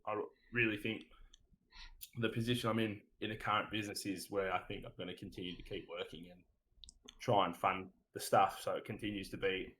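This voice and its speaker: Australian man, podcast guest, relaxed rambling storyteller. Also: on the low side, brisk, a little hiss or hum, rough recording. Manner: laid-back, rambling storyteller who says "mate" a lot. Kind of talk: casual podcast chat.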